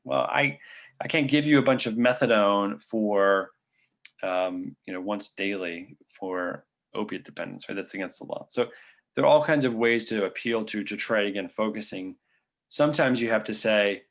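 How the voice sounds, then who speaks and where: A man's voice: lowish voice, moderate pace, a bit bright. A male physician presenter answering audience questions in an online lecture, talking casually and thinking aloud with frequent fillers.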